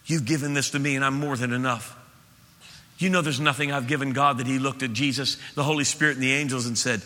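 A man preaching in a large church hall, his bright, forceful voice carrying long reverb. He swings from loud, animated stretches to hushed ones. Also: mid-range voice, fast. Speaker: pastor. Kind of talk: sermon.

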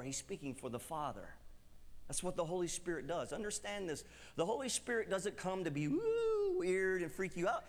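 A man preaching a sermon in a church, telling his own testimony in an animated way and acting out voices. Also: on the high side, in a large hall.

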